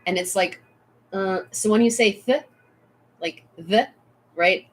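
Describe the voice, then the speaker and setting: A woman's voice: mid-range voice, slow pace. A young woman from Ukraine, chatting casually with viewers on a live stream, with many fillers and frequent laughter.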